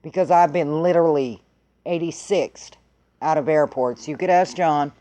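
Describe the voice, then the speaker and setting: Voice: medium pitch, normal speed, mellow. A vlogger telling a story in a blunt, heated way and swearing freely. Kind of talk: casual profane storytelling.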